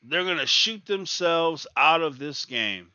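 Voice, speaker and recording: A man's voice: fairly high pitch, expressive, a little slow, sharp tone, clean tone, no echo, muffled recording. A man ranting in exasperation as he reacts live to a college basketball game, repeating his complaints. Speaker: sports talk host.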